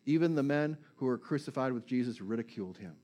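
A man's voice: medium pitch, expressive, fast, dark tone. A man preaching a sermon in a conversational way, checking in with listeners and retelling scripture stories with feeling.

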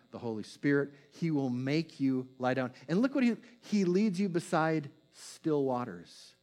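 A man delivering a sermon as a pastor, moving between quick bursts and slow, hushed phrases. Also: on the high side.

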